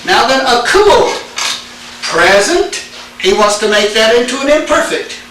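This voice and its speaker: A man's voice: extremely high pitch, animated, a little slow, bright, forceful tone, a little hiss or hum. A man teaching Greek grammar in a classroom, quizzing students with "all right?" and "now then". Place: church classroom. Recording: echoey room tape from far off.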